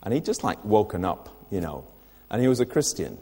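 A man's voice: fairly low pitch, very animated, a little fast, warm tone, big-room sound. An older man preaching a sermon in church, earnest, putting direct questions to the listeners.

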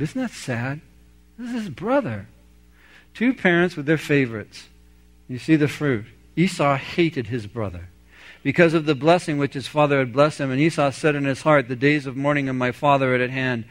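A man preaching an expository sermon, reading scripture aloud and commenting on it with emphasis. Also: medium pitch.

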